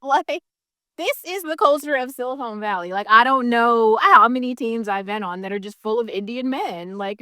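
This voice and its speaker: A woman's voice: high voice, expressive, moderate pace, bright, forceful tone, no echo, studio quality. A woman ranting casually to camera, swearing often, packing her talk with "like" fillers and laughing in bursts. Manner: profane, heated, heavy "like" fillers, laughs mid-sentence. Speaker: vlogger.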